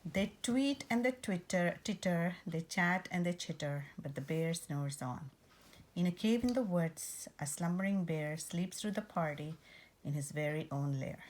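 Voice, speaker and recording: A woman reading a rhyming picture book aloud, rhythmic and expressive. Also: fairly low pitch, a little slow. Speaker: storyteller.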